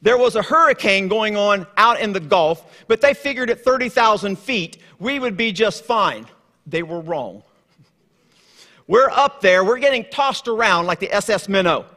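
A man preaching a sermon in a church, telling stories and moving from hushed tones to lively asides. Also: high-pitched, moderate pace. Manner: storytelling, swings from hushed to lively. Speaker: guest preacher. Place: church sanctuary. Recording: long hall reverb.

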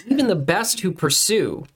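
A man co-hosting a casual Bible study discussion, explaining scripture in a measured, teacherly way. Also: high-pitched, breathy edge.

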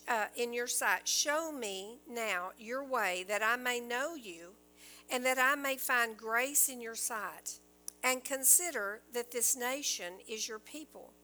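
Bright, slow-speaking woman teaching scripture. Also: fairly high pitch, low-quality recording. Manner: earnest, reads scripture aloud and explains it. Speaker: Bible teacher. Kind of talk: Bible teaching sermon.

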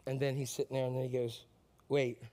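A man preaching a sermon in a conversational way, acting out quotes and moving between hushed, low lines and excited outbursts. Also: racing. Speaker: pastor.

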